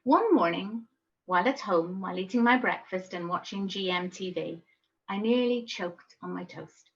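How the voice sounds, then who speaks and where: A middle-aged woman, telling a personal story in a reflective, gently wry manner. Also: mid-range voice, animated, moderate pace, dull audio. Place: home.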